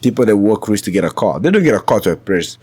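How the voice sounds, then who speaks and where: A man's voice: fairly low pitch, big pitch swings, quick pace, a little mellow, breathy edge, dry recording. A man talking as a podcast guest in a casual chat, earnest, often stammering and restarting his sentences.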